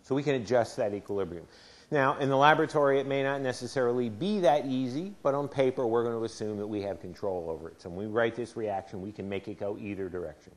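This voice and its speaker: A man's voice: medium pitch, fast talker. Casting: male chemistry professor, lecture hall, chatty and quizzing the class. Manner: asks the class questions, conversational. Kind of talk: university lecture.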